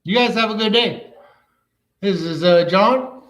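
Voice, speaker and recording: A man's voice: high voice, a little slow, fairly bright tone. A man who reviews cannabis products, ranting bluntly and swearing constantly in casual talk. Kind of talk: casual profane rant. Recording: echoey room.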